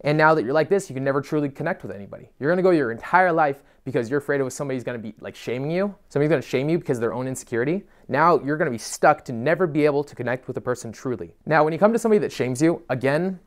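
A young man speaking fast to camera, giving dating advice in a casual, profane, animated rant. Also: a little high.

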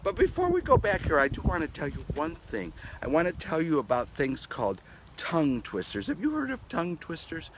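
A man who is a pastor, giving a playful, animated children's message outdoors in his garden at home. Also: fairly high pitch, a little fast, noisy background. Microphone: handheld camera.

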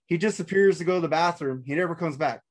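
A man's voice: fairly high pitch, quick pace. Rambling, cursing man storyteller. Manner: rambling, swears a lot, restarts sentences. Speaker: podcast co-host. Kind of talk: casual chat.

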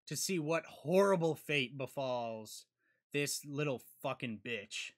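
A man hosting a reaction video, cursing and yelling angry outbursts at the screen between muttered commentary. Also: mid-range voice, lively intonation, slow pace.

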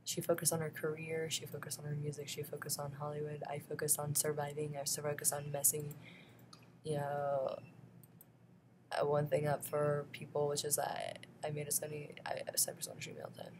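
A woman's voice: low-pitched, monotone, brisk, background noise. A woman talking straight to camera in a rambling vlog monologue, often breaking into laughs between phrases. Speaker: vlogger.

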